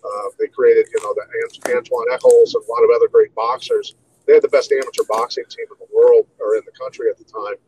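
Relaxed man from Iowa telling stories. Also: mid-range voice, fairly quick, a little hiss or hum, rough recording. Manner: relaxed storyteller, many "you know"s. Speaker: guest, martial artist. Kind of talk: casual interview storytelling.

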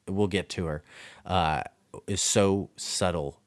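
A man's voice: sits low, fairly even intonation, slow, dry recording. A man co-hosting a podcast, talking through a film casually with many fillers and restarts. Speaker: podcast co-host.

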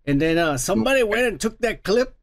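A man with a fairly high voice and a gravelly, creaky edge hosts a podcast. He swears freely, teases his co-host and laughs his way through loose, crude banter. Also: animated, brisk. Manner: profane, teasing, laughs a lot. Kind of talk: crude casual chat.

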